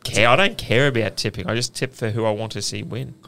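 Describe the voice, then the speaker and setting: Gravelly low-voiced Australian man, matter-of-fact. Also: fast talker, pushed and bright. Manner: confident, matter-of-fact, teasing. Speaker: podcast co-host. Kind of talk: casual sports tipping chat.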